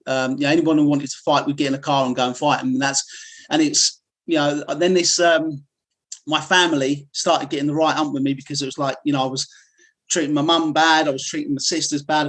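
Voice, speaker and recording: A middle-aged man, a martial arts instructor, telling his life story candidly in an interview, rambling with frequent fillers and restarts. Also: on the high side. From United Kingdom.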